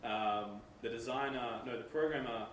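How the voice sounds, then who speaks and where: A man in the audience asking the speaker questions in a relaxed, conversational way. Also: mid-range voice, normal speed, a little hiss or hum. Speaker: audience member. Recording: far-off roomy mic pickup.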